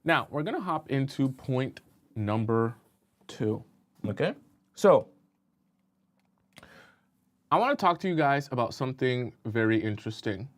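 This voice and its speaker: A man's voice: medium pitch, animated, a little slow, pauses often. A male dating coach talking live to viewers, explaining points and often checking in with them. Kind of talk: live-streamed advice talk.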